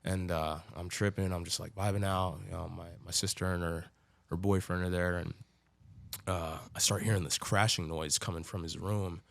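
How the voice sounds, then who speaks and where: A man's voice: low voice, steady tone, moderate pace, gravelly, fairly bright tone, no room sound. A man telling his own story as a podcast guest in a loose, profane way, full of filler words. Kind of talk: casual storytelling.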